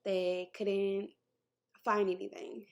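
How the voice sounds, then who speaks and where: A woman's voice: medium pitch, little pitch movement, slow, creaky, lo-fi sound. A young woman tells a personal story to her camera in a loose, chatty way. She laughs often and slips into the voices of the people in her story. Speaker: vlogger telling her story. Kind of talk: casual storytime vlog.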